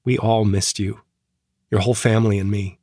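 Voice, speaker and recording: A man playing a grieving young man who talks to a chatbot, speaking in a quiet, halting, emotional way. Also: fairly low pitch, fairly even intonation, dry recording, studio quality. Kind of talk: dramatized chat transcript reading.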